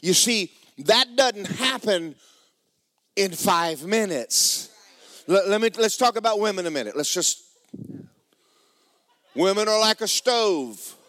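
A man's voice: sits high, expressive, takes it slowly, pauses often, no room sound. Hollering preacher man. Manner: hollering, joking preacher with sudden shouts. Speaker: pastor. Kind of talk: sermon.

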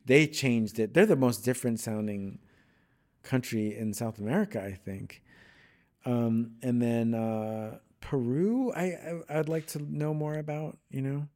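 A man's voice: mid-range voice, measured pace, darkish tone. Male guest, casual and rambling, playful with accents. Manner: loose, rambling, slips into playful accent bits. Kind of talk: casual conversation.

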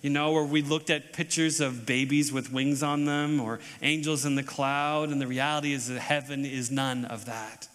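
A man's voice: medium pitch, steady tone, normal speed, hardly any pauses, fairly bright tone. A man preaching a chapel sermon, building an emphatic repeated litany. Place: large chapel hall. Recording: long hall reverb.

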